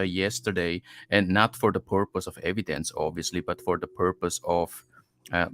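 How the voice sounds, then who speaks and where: A man co-hosting a live stream, delivering an aggressive, taunting, profane rant. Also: deep voice.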